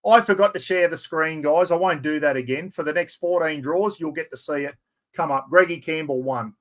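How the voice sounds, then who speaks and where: A man in his fifties with an Australian accent, excitedly hosting a chatty live stream giveaway and poking fun at himself. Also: on the high side, fairly quick. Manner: excitable, chatty, self-mocking.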